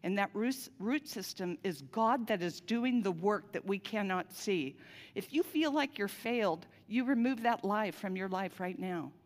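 A woman's voice: medium pitch, lively intonation, a little slow. A woman delivering a sermon, telling a personal story in a conversational way with casual asides. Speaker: pastor. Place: church sanctuary. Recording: long reverb of a large church hall.

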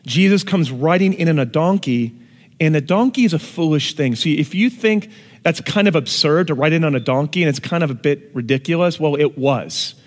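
Male preacher, animated, hushed to shouting, higher voice, echoing hall. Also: normal speed. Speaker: pastor. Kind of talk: sermon. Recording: long hall reverb.

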